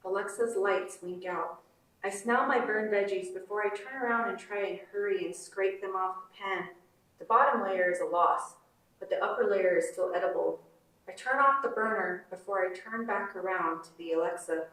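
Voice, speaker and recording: A woman presenting at a conference, reading a short story aloud in a measured, unhurried way and then commenting on it. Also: mid-range voice, a bit bright. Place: conference room. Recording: roomy hall from far off.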